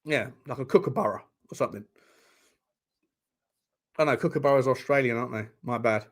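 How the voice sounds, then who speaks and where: A man's voice: mid-range voice, brisk. A man hosting a casual football watchalong stream, rambling and joking with frequent stammering restarts. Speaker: football channel host.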